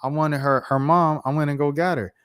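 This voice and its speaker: A man in his thirties hosting his own stream, telling a casual storytime in an animated, slangy way with laughing asides. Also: on the high side, fairly quick, clean tone. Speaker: streamer host.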